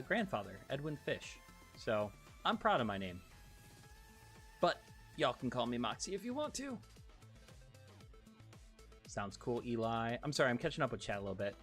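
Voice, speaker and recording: A man chatting casually on a livestream, excitable and giggly, swearing freely as he reads chat. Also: on the low side. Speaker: streamer.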